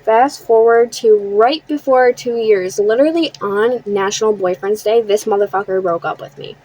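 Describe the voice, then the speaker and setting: Through a low-quality recording, a young woman with a medium-pitched, slightly mellow voice recounts a personal story for her vlog. She swears freely, keeps things blunt and casual, and quotes others in fast asides.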